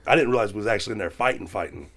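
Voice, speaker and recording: A man's voice: fairly low pitch, racing, gravelly, fairly bright tone. A man co-hosting a podcast, telling a long story in a rambling way and often asking "you know what I mean". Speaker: podcast co-host. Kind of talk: casual storytelling chat.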